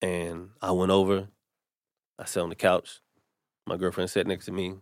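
A man's voice: low-pitched, completely flat delivery, moderate pace, no room sound, clean studio sound. A comedian telling a personal story in casual conversation, acting out the people he quotes. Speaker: comedian guest.

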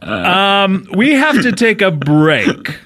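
A man's voice: high-pitched, sing-song, slow pace, fairly bright tone. A man hosting a casual comedy podcast, telling rambling stories and laughing often. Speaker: podcast host.

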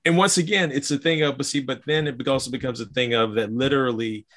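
Male co-host, casual rambling film talk, animated, filler-heavy. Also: mid-range voice, fast talker. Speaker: podcast co-host. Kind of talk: casual movie discussion.

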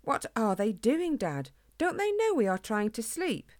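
Lady reading as a small boy hedgehog, high and curious, full of questions, storybook voice. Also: sing-song, unhurried. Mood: puzzled. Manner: wide-eyed, rising questions.

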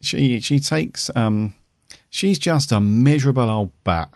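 A man's voice: mid-range voice, animated, measured pace, darkish tone, dry recording, clean studio sound. A man co-hosting a podcast, talking casually and rambling with many "you know"s. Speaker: podcast co-host. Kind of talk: casual review chat.

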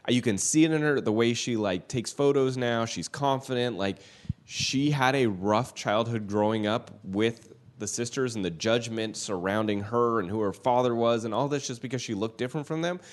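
A man co-hosting a casual celebrity news podcast, chatty and loose, swearing casually and jumping up in pitch when excited. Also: moderate pace. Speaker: co-host.

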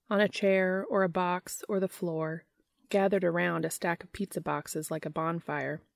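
A woman narrating a story in an even, unhurried way. Her voice sits on the low side. The recording is dry and close. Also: dry recording. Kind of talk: audiobook reading.

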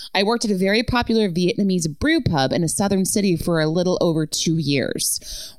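A woman's voice: fairly low pitch, smooth, no room sound. A woman co-hosting a podcast, reading listener stories aloud with frequent laughs and swearing. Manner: laughs often, swears, animated delivery. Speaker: podcast co-host.

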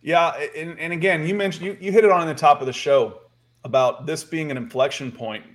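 A man's voice: fairly high pitch, steady tone, fairly quick. A man from Georgia co-hosting a sports podcast, talking casually in a rambling way, repeating words and chuckling. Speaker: podcast co-host.

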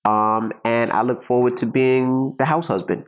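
A man's voice: medium pitch, steady tone, a little slow. A middle-aged man co-hosting a podcast, chatting casually and rambling as he repeats phrases while searching for words. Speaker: podcast co-host. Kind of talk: casual chat.

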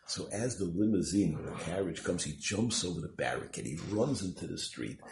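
A man's voice: low voice, animated, a little fast, gravelly, echoey room, slight background noise, low-quality recording. A man giving a Torah talk as a rabbi, telling a story and mixing in Yiddish and Hebrew terms.

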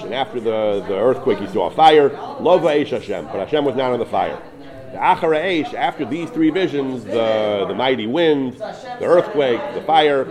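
An earnest man teaches a text-study class at a middling pitch, reading verses and translating them phrase by phrase. He often restarts and repeats himself as he explains. A crowd murmurs clearly behind him. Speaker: Torah teacher.

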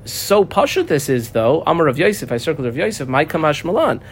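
A man's voice: a little high, big pitch swings, fairly quick, a little hiss or hum. A man teaching a Talmud lesson, reading the text aloud, then translating and explaining it step by step, with frequent "uh"s.

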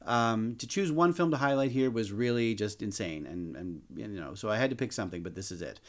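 A man's voice: lowish voice, animated, fairly quick. Wry man reviewing films. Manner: wry, playful humor. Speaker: podcast co-host. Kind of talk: casual film review chat.

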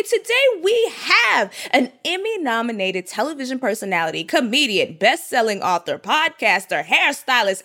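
A woman hosting a comedy podcast, lively and jokey, laughing often. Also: sits high. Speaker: podcast host. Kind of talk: casual comedic podcast chat.

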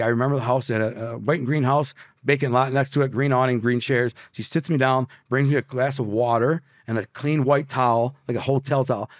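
A man's voice: medium pitch, no echo, clean studio sound. A man from the Detroit area, a podcast guest telling a vivid story in intense, slangy bursts.

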